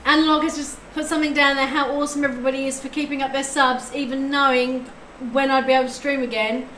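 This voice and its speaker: High-voiced, chatty woman tarot reader. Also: level tone, fast talker, a bit bright, roomy sound, slight background noise, rough recording. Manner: effusive, chatty, thanks viewers often. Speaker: tarot reader and live streamer. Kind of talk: live-stream tarot reading chat.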